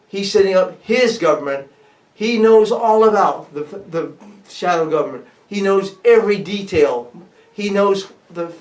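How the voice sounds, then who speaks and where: American male pastor, bilingual sermon, halting in his second language; echoey room, mic kept at a distance. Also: sits high. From United States. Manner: switches between English and French, halting restarts in French.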